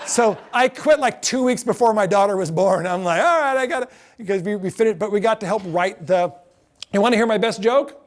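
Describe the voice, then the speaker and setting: A middle-aged man giving a lecture to a class, telling lively anecdotes and acting out the quotes. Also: sits high, brisk. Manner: animated storyteller acting out quotes.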